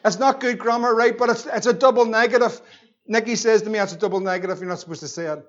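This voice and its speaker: A male pastor, preaching a sermon with passion, his voice rising to shouts on key lines. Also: sits high, fairly even intonation, quick pace, muffled recording.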